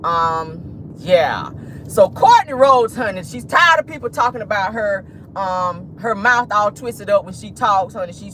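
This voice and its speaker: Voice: medium pitch, a bit bright, slight background noise. A vlogger and host giving sassy celebrity gossip commentary from a car, laughing often.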